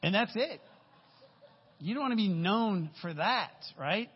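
Guest preacher, 50s, male, folksy storytelling delivery, slightly high husky voice, echoey hall. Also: lively intonation, unhurried. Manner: casual, storytelling, folksy asides. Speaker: guest speaker. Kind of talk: conversational sermon. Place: church sanctuary. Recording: echoey hall, dull lo-fi sound.

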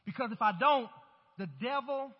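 A male pastor delivers a sermon, rising in emphasis as he calls on his congregation to answer back. His voice sits high and carries some huskiness. The recording is muffled and dull, with a long reverb from the sanctuary. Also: normal speed, breathy edge. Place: church sanctuary. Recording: dull, hollow-sounding church recording.

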